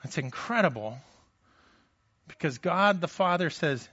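A man preaching a sermon in a conversational, questioning manner. His voice sits a little high for a man, and the recording is dull and lo-fi. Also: measured pace, long pauses, fairly bright tone. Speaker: pastor.

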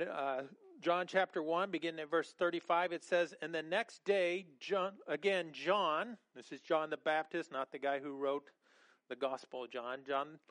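Lively, chatty male preacher. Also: fairly high pitch, dry recording. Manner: animated, conversational, lots of repeated words and restarts. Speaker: pastor. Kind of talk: sermon.

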